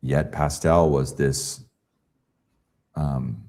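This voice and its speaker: A man with a very low, deep voice, a guest artist on a podcast. He tells his story in a casual, animated way, slipping into other people's voices as he quotes them. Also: very slow.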